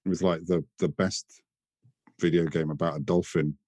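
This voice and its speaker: Deep husky British man, dry banter. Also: fairly even intonation, moderate pace, dark tone, no echo. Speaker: podcast panelist. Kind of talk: casual chat.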